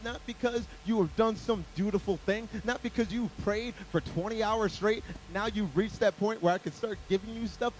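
A man giving a sermon as a guest speaker, swinging from quiet pleading to loud preaching. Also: high voice, normal speed, few pauses, a little hiss or hum, low-quality recording. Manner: preaching with big swings from hushed to shouting.

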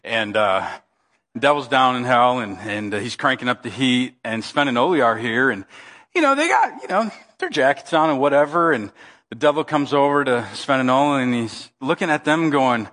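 Joking pastor in a reverberant church. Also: male voice, medium pitch, a little fast. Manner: joking, animated storyteller. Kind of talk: sermon with joke. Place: church sanctuary.

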